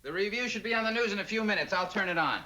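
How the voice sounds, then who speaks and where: An actor playing a gentle, patient man who gives his girlfriend calm advice in a 1960s sitcom. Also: high voice, rapid-fire, low-quality recording. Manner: gentle, patient, calls her honey.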